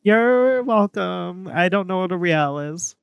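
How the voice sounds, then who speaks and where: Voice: medium pitch, animated, takes it slowly, vocal fry, lo-fi sound, slight background noise. A streamer casually commenting and reading dialogue while playing a game, with chatty asides.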